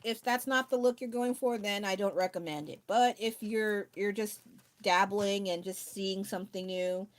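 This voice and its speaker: A woman's voice: medium pitch, normal speed, no echo. A woman chatting casually on a drawing livestream, rambling and restarting her sentences and laughing often. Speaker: art streamer.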